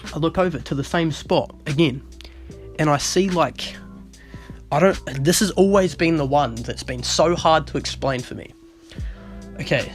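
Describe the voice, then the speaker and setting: A young man telling a rambling story in a casual vlog, swearing heavily and getting animated. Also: on the high side. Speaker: vlogger.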